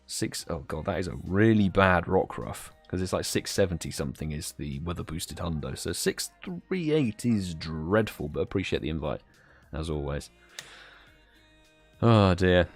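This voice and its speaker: A man's voice: deep voice, moderate pace, faint music behind. A young British man hosting a live stream, chatting casually and greeting viewers by name. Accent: British English. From United Kingdom. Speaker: livestream host.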